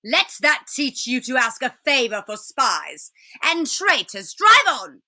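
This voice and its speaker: A woman's voice: high-pitched, sing-song, slow, pushed and bright, heavily acted. A woman voicing a cruel witch queen who speaks in a commanding, scornful way.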